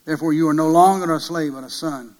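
A man preaching a sermon, emphatic, swinging from loud peaks to hushed passages and asking many rhetorical questions. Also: a little high, fast, rough recording.

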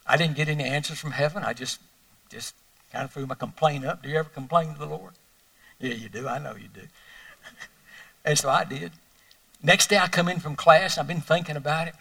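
An older man preaching a sermon, telling folksy personal stories that swing between loud emphasis and hushed moments. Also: fairly high pitch, fairly quick, distant mic, poor audio. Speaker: pastor.

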